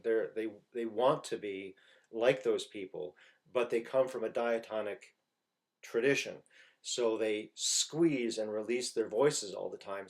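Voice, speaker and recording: A man giving an informal singing lesson, explaining slowly and haltingly and breaking into loud sung phrases to demonstrate. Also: on the low side. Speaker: voice teacher.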